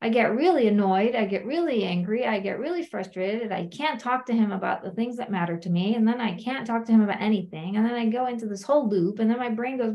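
Woman, coach, conversational teaching, keeps saying "right?", slightly high pitch. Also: animated, moderate pace. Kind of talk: teaching a self-inquiry method.

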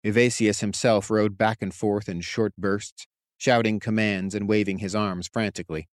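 A man narrating a fantasy story in a steady, even way. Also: lowish voice, normal speed, dry recording, clean studio sound. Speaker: audiobook narrator. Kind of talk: scripted narration.

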